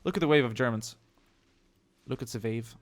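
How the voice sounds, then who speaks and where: Brisk and mid-range, the voice belongs to a young Swede doing gameplay commentary on a war game. He jokes and rambles as the game's battle sounds, gunfire and artillery, play loudly underneath.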